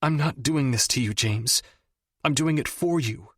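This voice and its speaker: A man's voice: mid-range voice, normal speed, slightly rough, dry recording, voice pushed up, close to an everyday voice. A man voicing a young woman escort in an audiobook, defiant and close to tears, pleading and wailing. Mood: sad. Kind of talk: audiobook character voice.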